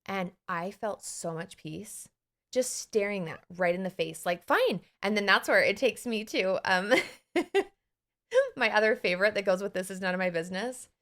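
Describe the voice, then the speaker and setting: A woman co-hosting a podcast as an anxiety coach, telling a personal story in a casual, animated way, laughing and acting out her own inner voices. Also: mid-range voice, a little slow.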